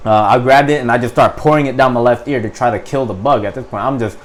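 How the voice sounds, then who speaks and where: A young adult man, a Marine guest on a podcast, telling a story in casual, animated, profane talk full of fillers. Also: mid-range voice, fast talker.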